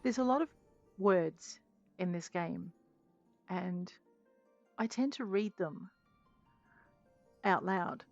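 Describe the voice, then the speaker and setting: A woman's voice: lowish voice, slow, pauses often, darkish tone. A woman streamer chatting casually and reacting aloud as she plays a video game, giggling at what happens on screen. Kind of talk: casual live-stream commentary. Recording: slightly dull lo-fi audio with faint music.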